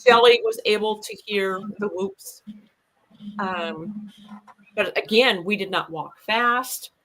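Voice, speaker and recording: A woman's voice: mid-range voice, slow pace, bright, forceful tone, poor audio. A woman guest earnestly recounting an outdoor encounter in a casual, rambling way. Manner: earnest, rambling, with fillers and restarts.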